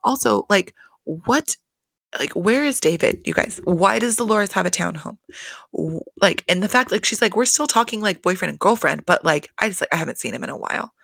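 A woman's voice: fairly low pitch, animated, normal speed, vocal fry, a bit bright, dry recording. A woman hosting a casual reality TV recap, chatty and profane, full of fillers and exasperation.

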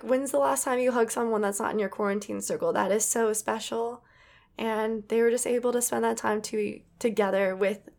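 A young adult woman co-hosting a casual chat, telling a story with animated, acted-out quotes. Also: mid-range voice, vocal fry. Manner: animated, acts out quoted voices. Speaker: podcast co-host.

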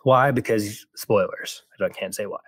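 A young man from California with a General American accent, co-hosting a casual podcast and rambling with quick restarts. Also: lowish voice, fairly bright tone, slightly rough, no room sound. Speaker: podcast co-host.

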